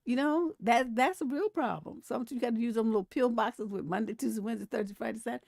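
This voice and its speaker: Speaking fast with a somewhat high voice and some vocal fry, this relationship coach over forty runs a live stream captured in a dry, clean studio recording. She's chatty and lively, laughing a lot, talking about memes and posts, and reading viewers' comments out.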